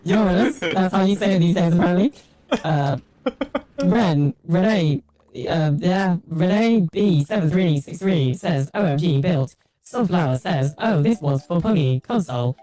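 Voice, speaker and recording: A woman reading live chat messages aloud on a livestream in an unhurried way. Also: lowish voice, dark tone, low-quality recording. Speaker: chat reader.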